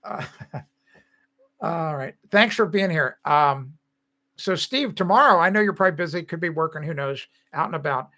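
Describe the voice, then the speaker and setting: A man's voice: a little high, animated, normal speed, bright, forceful tone. An older man hosting a live stream, chatting casually with viewers in a rambling way and laughing often.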